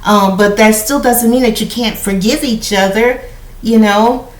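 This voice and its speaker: A woman's voice: fairly high pitch, a little slow. A woman giving a casual spoken tarot reading to her viewers, talking in a chatty, conversational way and often checking in with "you know" and "okay?". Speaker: tarot card reader. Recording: roomy echo.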